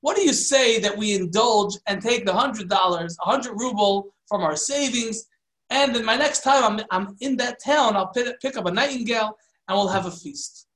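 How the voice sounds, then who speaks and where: A man's voice: high-pitched, normal speed, a bit bright. Poor middle-aged wagon driver, eager and pleading, voiced by a man, roomy echo.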